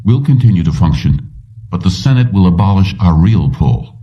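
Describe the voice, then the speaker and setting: A man's voice: sits low, animated, warm tone, far from the mic, muffled recording. A man doing a somber, weary police chief. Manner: somber, measured. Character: somber middle-aged male police commissioner, weary.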